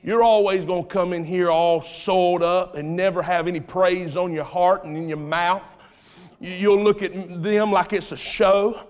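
A male preacher delivering a dramatic sermon, swinging between hushed storytelling and loud shouts, recorded in a church sanctuary. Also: high-pitched, steady tone, moderate pace, smooth. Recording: reverberant church hall.

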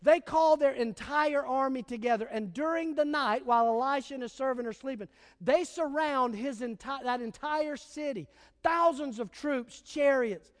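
High-voiced pastor preaching in a hall. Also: male voice, moderate pace. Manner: casual, storytelling, emphatic. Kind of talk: sermon.

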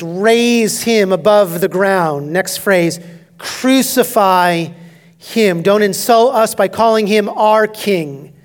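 High-voiced man preaching with dramatic swings. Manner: emphatic, dramatic shifts between loud declarations and hushed asides. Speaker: pastor. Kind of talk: expository sermon.

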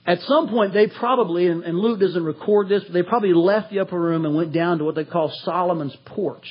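A Tennessee pastor delivers an expository, verse-by-verse sermon in a high-pitched, slightly rough voice, a little fast. He's animated, acting out quotes in a raised voice, and the audio is dull.

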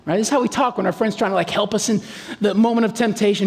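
A man preaching a sermon in a lively, animated way, acting out quotes in playful voices. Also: sits high, fast talker. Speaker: pastor. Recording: reverberant hall.

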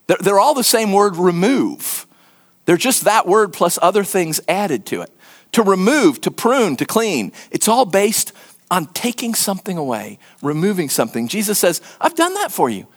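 A man preaching a sermon in an earnest, emphatic way, sometimes dropping to a hushed voice and repeating words for stress. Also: high voice, big pitch swings, normal speed. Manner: repeats words and restarts when stressing a point. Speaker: pastor.

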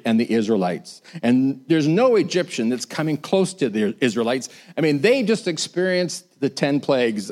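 Animated male preacher. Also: mid-range voice. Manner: animated, rising to emphatic bursts; acts out the complaining crowd in quoted lines. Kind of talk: sermon.

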